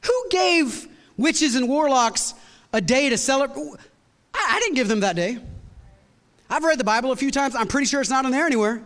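Male pastor, very high voice, energetic sermon with shouts, reverberant church hall. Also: normal speed. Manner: energetic, repeats words and restarts, bursts into shouts.

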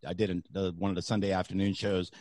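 A man's voice: low-pitched, quick pace, no room sound. Profane storytelling man, dry close sound. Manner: profane, animated anecdotes with loud acted-out outbursts. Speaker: comedian and radio host. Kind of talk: casual podcast storytelling.

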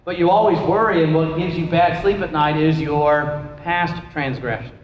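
A high-voiced man leads a Bible class as its pastor, chatty and joking, throwing questions out to the room. He is picked up in a big echoey hall with a long reverb tail. The sound is dull and lo-fi, with a faint hiss underneath. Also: normal speed. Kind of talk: casual Bible class teaching.

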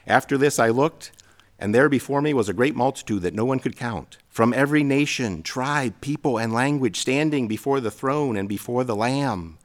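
A middle-aged man delivers a sermon at a mid-range pitch. He tells personal stories with gentle, self-deprecating humor. His delivery is a preacher's, speaking to a congregation. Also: normal speed. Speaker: pastor.

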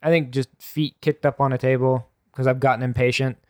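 Smooth-voiced male tabletop player. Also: medium pitch, little pitch movement, brisk, dry recording, clean studio sound. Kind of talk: tabletop game chat.

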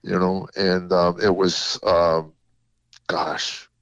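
An older man, a comedian guest, telling stories in a reflective, halting way with many fillers, on a dull lo-fi recording. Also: low-pitched, flat delivery, fairly bright tone, no echo. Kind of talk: casual interview storytelling.

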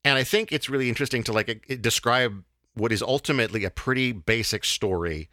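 A man hosting a casual podcast, talking in a halting way with many fillers and restarts. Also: mid-range voice, bright, forceful tone, no room sound, studio quality. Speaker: podcast host.

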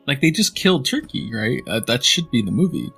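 A man with a slightly husky voice co-hosts a casual movie watch-along podcast. He jokes, teases his co-host and laughs often. Soft music plays faintly behind him. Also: mid-range voice, sing-song, fairly quick. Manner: joking, laughs often, teasing.

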